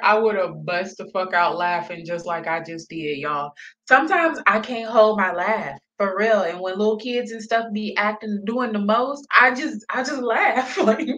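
A woman's voice: medium pitch, lively intonation, normal speed, fairly bright tone, highs cut off. A woman giving casual reaction commentary on a video, blunt and profane, laughing often.

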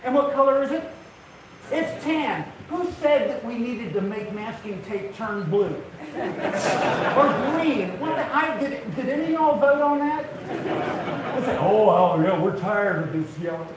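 A man's voice: high-pitched, animated, unhurried, a loud crowd. An older man telling funny stories as a woodworking TV host to a live audience, a folksy storyteller who gets worked up. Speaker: woodworking TV host giving a talk. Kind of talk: humorous live talk to an audience. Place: large event hall, live audience. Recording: echoey hall, distant mic, audience noise.

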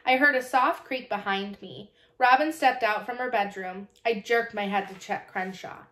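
A woman reading a children's novel aloud in calm, even first-person storybook narration. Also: mid-range voice, moderate pace. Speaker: audiobook narrator. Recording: roomy echo.

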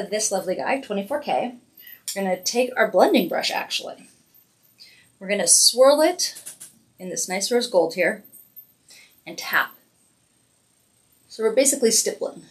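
A woman hosting a casual weekly livestream makeup tutorial, chatty and encouraging as she narrates each step. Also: medium pitch. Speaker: makeup brand host doing a weekly live demo.

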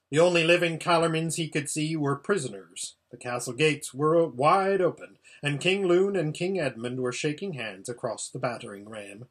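Husky man reading a storybook aloud. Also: a little high. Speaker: audiobook reader. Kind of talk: reading a children's novel aloud.

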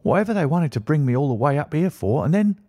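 A man's voice: fairly high pitch, sing-song, fast talker, warm tone, no echo, voice pushed up. A man voicing a frantic young clerk. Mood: bewildered. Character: Pycroft, young male clerk, anxious and bewildered.

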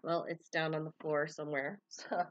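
A tarot reader with a low-pitched voice gives a collective love reading to her viewers in a flat delivery at a moderate pace, with the highs cut off. She meanders, calls out names and initials as they come to her, and peppers her speech with "you know" and "um".

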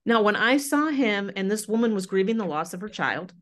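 A woman's voice: mid-range voice, animated, fairly quick, fairly bright tone. A woman guest, a grief counselor, earnestly recounting her experiences in a casual conversation. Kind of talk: casual chat.

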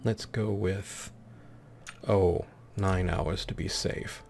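Pompous, gravelly man with slow, theatrical delivery. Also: deep voice, steady tone, a little mellow, soft background music. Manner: theatrical, affected and pompous, calling characters darling and dear. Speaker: let's play host. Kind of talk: gameplay commentary in a pompous persona.

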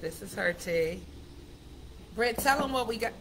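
A woman's voice: medium pitch, a little slow, noisy background. Chatty woman hosting a live stream. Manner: chatty, excitable, talks straight to viewers. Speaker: host of a live affirmation stream. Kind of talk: casual live-stream chat.

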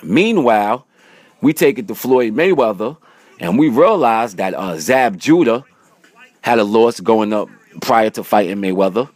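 A low-voiced man talks straight to his viewers in loose, slangy speech. His sentences keep ending with "man". The recording is close and dry, with no room sound. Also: expressive, a little slow, darkish tone, no echo. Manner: slangy, direct-to-camera, repeats "man". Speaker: vlogger. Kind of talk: casual stats breakdown vlog.

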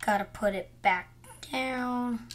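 Narrating as she plays a cooking game, a young gamer murmurs what she's doing and now and then chats with her viewers. She speaks slowly at a fairly high pitch, and there's slight background noise.

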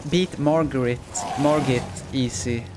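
A man's voice: medium pitch, measured pace, heavy background noise. A man streaming a game live, chatting casually and joking while he plays. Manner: relaxed, joking, talks to himself while playing. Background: game music.

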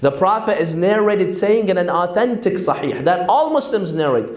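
A man's voice: high voice, animated, normal speed. A man giving a sermon to a congregation, posing rhetorical questions and quoting opponents. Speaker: speaker at a religious lecture. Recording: echoey hall.

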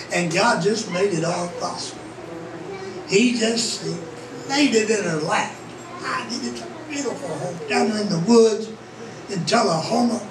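A man's voice: high-pitched, lively intonation, takes it slowly, long pauses, a crowd in the background. An older man preaching a sermon in a folksy, plain-spoken way, now and then rising to fervent exclamations. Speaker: pastor. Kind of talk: sermon storytelling. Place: church sanctuary. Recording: echoey church, distant mic, faint hiss.

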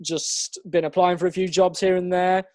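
A man's voice: high voice, little pitch movement, normal speed, darkish tone, no room sound, studio quality. A young man co-hosting a casual podcast, bantering and restarting his sentences. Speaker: podcast co-host.

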